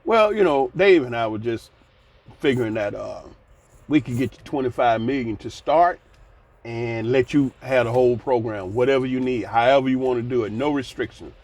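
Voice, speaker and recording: A man in his sixties voicing a polite, businesslike male university executive making a measured offer. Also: mid-range voice, a little mellow, natural voice.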